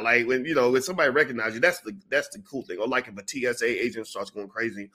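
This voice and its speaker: A man's voice: medium pitch, fast talker, few pauses. A man vlogger telling a story in a casual way, acting out the people in it. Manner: animated, acts out the people in his stories.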